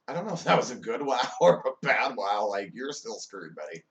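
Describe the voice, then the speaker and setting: A man hosting a comedy show, reading funny text messages aloud and breaking in with loud, exasperated corrections. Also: medium pitch, sing-song, a little fast, hardly any pauses, far from the mic. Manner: reads texts aloud, then jumps in with loud, exasperated corrections. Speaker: host.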